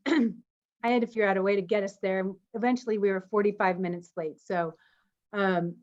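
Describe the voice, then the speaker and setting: A woman co-hosting an online meeting, telling a personal story in an animated way and laughing as she goes. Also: mid-range voice. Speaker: co-host of an online community meeting. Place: home, on a video call. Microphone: video call. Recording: slightly dull video call audio.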